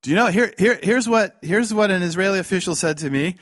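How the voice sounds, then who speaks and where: A man preaching a fiery sermon, swinging between loud outbursts and hushed lines and acting out the voices he quotes. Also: sits high, fairly quick, no echo, clean studio sound.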